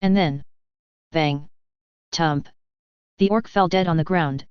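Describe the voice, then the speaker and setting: Woman reading fan fiction aloud, steady, super clear lowish voice, dry. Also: a little fast, no room sound, muffled recording. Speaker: narrator.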